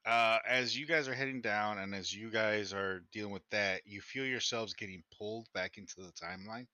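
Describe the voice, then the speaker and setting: A man narrates a tabletop game as game master, his lowish voice bright and forceful. He talks in halting bursts and doubles back on his words. The sound is dry and close. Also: dry recording, dull audio. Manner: halting, repeats words when thinking.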